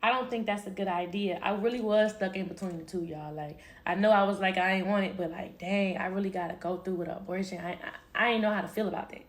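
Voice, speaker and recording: A woman's voice: medium pitch, fast, few pauses. A woman telling a personal story in a casual, slangy way, talking straight to her viewers.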